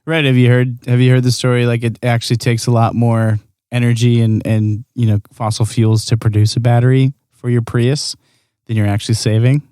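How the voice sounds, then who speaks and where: Mid-pitched, measured podcast co-host. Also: male voice, level tone, warm tone, clear, resonant tone, no room sound, studio quality. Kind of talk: casual chat.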